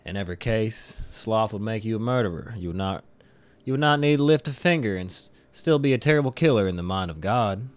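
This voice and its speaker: A man's voice: fairly low pitch, expressive, fairly quick, few pauses, natural voice. A man putting on a fanatical twangy preacher. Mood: zealous. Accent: put-on South Carolina twang. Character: fanatical male preacher writing a letter, menacing.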